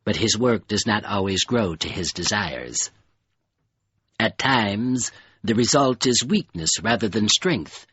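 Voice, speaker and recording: A man voicing a fearful, pleading creature of living mud in an audiobook, with a cold, dusky, halting voice. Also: fairly low pitch, lively intonation, a bit bright, slightly rough, no echo, lo-fi sound, heavily acted. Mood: mournful. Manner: halting, grave, faltering. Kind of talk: audiobook character voice.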